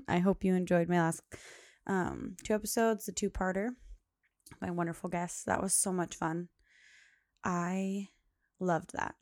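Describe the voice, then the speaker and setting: A young woman chats alone into the mic for her podcast. She rambles along with lots of fillers and small laughs. Her voice sits low and fry-laden, and the sound is close and dry. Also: steady tone, a little slow, long pauses, a little mellow, dry recording. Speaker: podcast host. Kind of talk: casual solo monologue.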